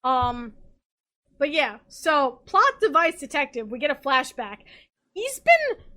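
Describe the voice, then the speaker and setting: A tipsy woman hosts a comic podcast, retelling a story with frequent swearing and bursts of laughter. Her voice sits high and sounds bright and forceful. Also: takes it slowly, low-quality recording. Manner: animated, swearing, laughing often. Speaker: podcast host.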